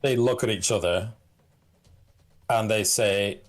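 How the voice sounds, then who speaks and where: A man narrating as game master of a tabletop game, halting with fillers and restarts. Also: lowish voice.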